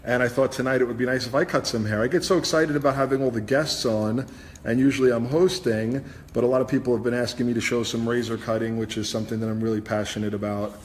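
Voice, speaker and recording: This man, a hairstylist hosting a live cutting demonstration, keeps up a chatty explanation of each step as he cuts. He talks fast in a steady, mid-range voice, with slight background noise and the long reverb and faint ambience of an echoey salon studio.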